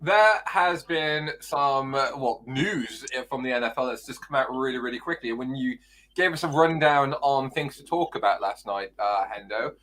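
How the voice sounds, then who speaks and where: Over a video call, this British podcast host keeps things casual, rambling playfully and slipping into flustered asides. He speaks at normal speed in a medium-pitched, slightly bright voice.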